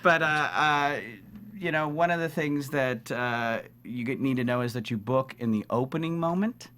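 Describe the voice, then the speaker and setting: A man, a casting director, chatting as a guest in a talk show studio, animated and joking, often restarting with fillers. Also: medium pitch, moderate pace, clean tone. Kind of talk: casual interview chat.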